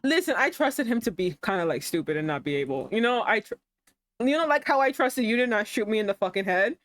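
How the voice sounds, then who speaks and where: A woman's voice: fairly high pitch, lively intonation, fast talker. A woman streamer reading a romance game aloud and breaking off into sarcastic, swearing asides.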